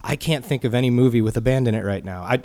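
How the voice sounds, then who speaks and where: A man's voice: medium pitch, darkish tone, no echo. A man co-hosting a podcast, chatting casually and enthusiastically. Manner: enthusiastic, talks in quick bursts. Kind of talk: casual chat.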